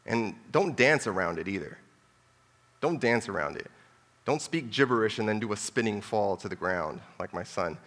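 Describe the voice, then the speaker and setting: A man's voice: fairly low pitch, lively intonation, normal speed, fairly bright tone, in a large hall. A man preaching a sermon in a conversational way, with joking asides and lines repeated for emphasis.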